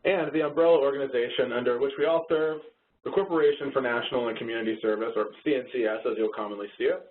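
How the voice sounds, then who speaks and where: A man from Texas co-presents a casual training webinar, easygoing and quick to laugh at jokes. His medium-pitched voice is steady and fast, and the tinny, phone-like audio carries a little hiss or hum.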